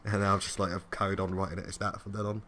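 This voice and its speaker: A young man with a very low voice, recapping wrestling with a co-host in loose, chatty fashion. He laughs a lot and slips into quick impressions of the people he talks about, with a faint hiss under the recording. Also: little pitch movement, pushed and bright. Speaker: podcast co-host. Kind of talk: casual wrestling review chat.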